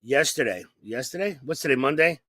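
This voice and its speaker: A man's voice: medium pitch, expressive, a little fast, pushed and bright, no room sound, clean studio sound. A man co-hosting a comedy podcast, telling a rambling, profane story and acting out the people in it. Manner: profane, rambling, acts out voices. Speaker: podcast co-host.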